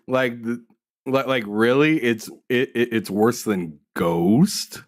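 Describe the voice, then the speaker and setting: A man on a gaming stream panel who talks haltingly and sounds incredulous, restarting and repeating words. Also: mid-range voice. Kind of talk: casual gaming chat on a live stream.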